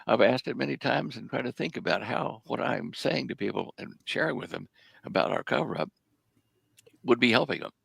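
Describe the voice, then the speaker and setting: A man's voice: medium pitch, expressive, brisk, creaky, fairly bright tone, breathy edge, dry recording. An older man, a guest in an interview, telling long stories with many hesitations. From United States. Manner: rambling anecdotes full of hesitations. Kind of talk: casual storytelling in an interview.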